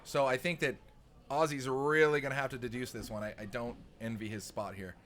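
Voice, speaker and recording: A man's voice: mid-range voice, brisk. A man doing live poker commentary from a booth, breaking down hands and trading jokes with his co-hosts. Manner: animated, joking banter.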